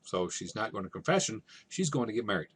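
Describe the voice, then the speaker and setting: A man teaching over slides, explaining a scene in relaxed, conversational everyday language. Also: lowish voice, fast talker, a little hiss or hum. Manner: relaxed, conversational, paraphrasing in plain modern speech. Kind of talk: casual classroom explanation.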